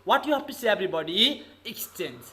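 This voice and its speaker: A man's voice: sits high, very animated, fairly quick, sharp tone, rough recording. A male English teacher with a Nepali accent, giving an online lesson and calling on the class over and over. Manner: repetitive, keeps calling on the class with okay and everybody.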